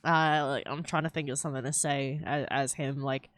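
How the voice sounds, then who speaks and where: A woman's voice: extremely low pitch, fairly even intonation, normal speed, dry recording, clean studio sound. A woman chatting casually while drawing on a live stream, swearing freely and laughing easily. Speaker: streaming artist. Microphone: headset.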